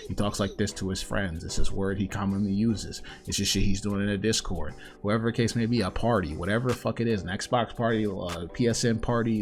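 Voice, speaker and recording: Blunt low-voiced man ranting. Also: a little mellow. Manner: blunt, irritated, swears, addresses viewers as guys. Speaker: commentary host. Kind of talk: casual ranting commentary.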